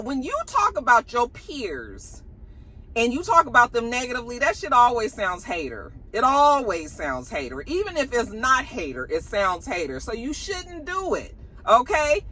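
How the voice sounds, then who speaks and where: A woman's voice: on the high side, sing-song, moderate pace, bright, forceful tone, breathy edge. A woman, chatting casually about celebrity gossip to her viewers in a sassy, slangy way.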